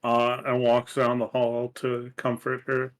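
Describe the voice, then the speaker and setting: A man playing a tabletop game in a mid-pitched, unhurried voice. He speaks plainly and checks the rules with the game master. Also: completely flat delivery, low-quality recording. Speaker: player.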